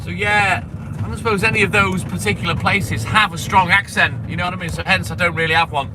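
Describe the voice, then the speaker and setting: A man's voice: sits high, fairly even intonation, fast. A man from the English Midlands with a light Scouse tinge, a milkman chatting casually on a live stream from inside his delivery van and answering viewers by name. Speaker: milkman livestreamer. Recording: vehicle and street noise. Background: engine and traffic noise.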